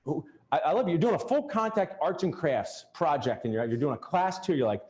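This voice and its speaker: This man has a voice on the high side with lively intonation and a darkish tone, speaking a little fast. He's a dental practice coach giving a live seminar to attendees in an event room, joking and talking straight to them, captured with roomy echo.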